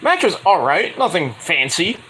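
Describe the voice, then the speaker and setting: A young man recaps a wrestling match in a loose, crude, joking way, stumbling through fillers as he goes. His voice is bright and bouncy, swinging widely in pitch. A faint hiss sits under the recording. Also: big pitch swings, moderate pace, poor audio. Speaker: wrestling show reviewer. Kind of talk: casual recap commentary.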